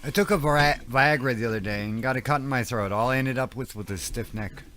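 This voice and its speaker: Sex: man. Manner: deadpan one-liners. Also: mid-range voice, quick pace. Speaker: podcast co-host. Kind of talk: casual joke-telling.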